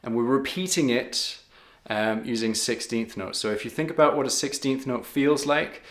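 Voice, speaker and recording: A man's voice: mid-range voice, moderate pace, fairly bright tone, echoey room. A man teaching harmonica in a patient, step-by-step way, counting beats aloud. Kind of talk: step-by-step music lesson.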